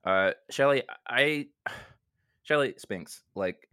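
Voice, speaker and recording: Male co-host, very low voice, dry close studio sound, halting self-mocking banter. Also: bright, forceful tone, clean tone, no room sound. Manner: halting, self-deprecating, full of restarts. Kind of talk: casual comedic podcast chat.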